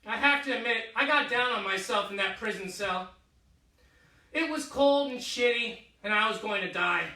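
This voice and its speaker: A man in his thirties playing a vain, childish deposed emperor in a comic solo stage monologue, petulant and self-pitying, swinging from whiny to booming, performed in a living room. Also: normal speed, bright, forceful tone, heavily acted. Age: 30s. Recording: echoey room, mic far off.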